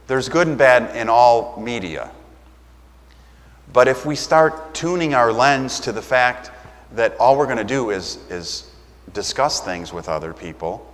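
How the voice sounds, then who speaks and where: A man's voice: medium pitch, fairly bright tone. A man preaching a sermon as pastor, talking conversationally and acting out quoted exchanges. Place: church. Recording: long church reverb.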